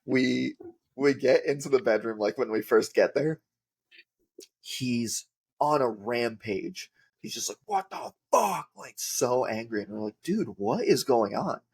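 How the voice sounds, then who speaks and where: A man's voice: medium pitch, lively intonation, measured pace, darkish tone, husky. A man, a podcast guest telling rambling casual stories with lots of filler words. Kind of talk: casual storytelling.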